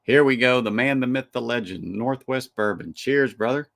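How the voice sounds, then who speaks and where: A man's voice: mid-range voice, moderate pace, vocal fry, fairly bright tone. A man hosting a live stream, reviewing a whiskey in casual, chatty talk full of restarts and fillers.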